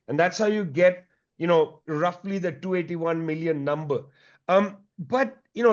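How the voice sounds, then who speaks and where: A middle-aged man from India, giving a measured, explanatory public talk as a guest speaker and peppering it with "you know". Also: on the high side. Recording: dull lo-fi recording.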